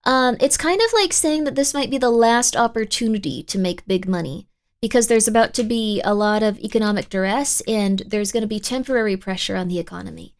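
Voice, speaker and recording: A woman's voice: medium pitch, fairly quick. A woman streamer in casual livestream chat who rambles through tarot readings and thanks viewers by name.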